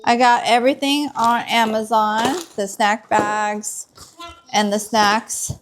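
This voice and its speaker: A woman's voice: fairly high pitch, little pitch movement, slow pace, background noise. A woman in her thirties chatting casually to a phone camera at home, laughing often and teasing playfully. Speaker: vlogger. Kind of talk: casual family vlog. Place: family home.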